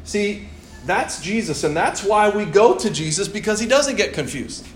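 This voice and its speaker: A young man preaching a sermon in a church, animated and playful, acting out voices as he tells the story. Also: high voice, moderate pace, soft background music. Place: church hall. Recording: echoey church room, faint ambience.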